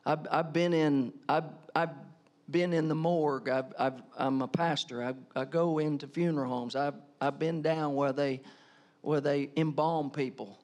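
A middle-aged man preaching a sermon as a pastor, emphatic and animated, full of rhetorical questions. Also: fairly high pitch, unhurried.

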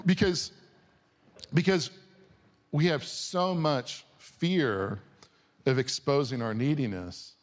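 A man in his forties preaching a sermon to a congregation in a casual, conversational way, dropping from soft, slow words to loud bursts. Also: on the high side. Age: 40s. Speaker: pastor. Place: church or auditorium before a congregation.

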